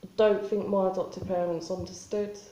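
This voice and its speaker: A woman talking in a spontaneous confessional vlog, halting and rambling with many restarts and fillers. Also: medium pitch, little pitch movement, dark tone, echoey room, rough recording. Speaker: vlogger.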